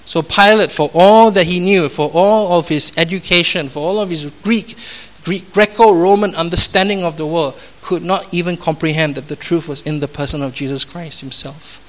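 A man's voice: fairly high pitch, moderate pace, few pauses, fairly bright tone. A man preaching a sermon. He speaks emphatically, repeats phrases and asks the congregation rhetorical questions. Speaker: pastor.

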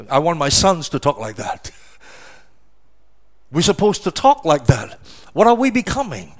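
High-voiced preacher delivering a sermon. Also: male voice, big pitch swings, unhurried, fairly bright tone. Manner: emphatic preaching with rhetorical questions and repeated words. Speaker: pastor.

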